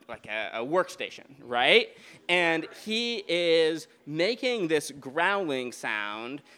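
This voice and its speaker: A man telling a true story live on stage at a beer garden show, in a rambling, animated way with many restarts and fillers. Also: fairly high pitch, clean tone.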